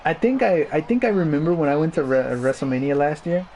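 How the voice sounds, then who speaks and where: A man chatting as co-host, telling animated stories, laughing often and calling his friend bro. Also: on the high side, fast, slight background noise, low-quality recording. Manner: animated storyteller, laughs a lot, says bro. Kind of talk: casual chat.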